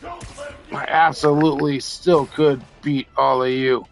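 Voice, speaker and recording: A man's voice: medium pitch, slow pace, creaky, faint music behind. A man streaming a video game while drunk, rambling and stammering, swearing at enemies as he plays. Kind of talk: casual drunk gameplay commentary.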